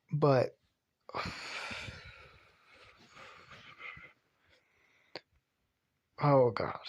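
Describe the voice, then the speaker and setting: A man casually retelling an anime fan story, rambling and excitable, swearing and restarting often. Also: on the high side.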